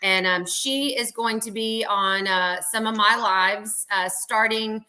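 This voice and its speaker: A woman's voice: medium pitch, fairly even intonation, takes it slowly, pushed and bright. A woman from Texas with a Southern accent, a guest chatting casually on a livestream, friendly and self-deprecating. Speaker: guest YouTuber.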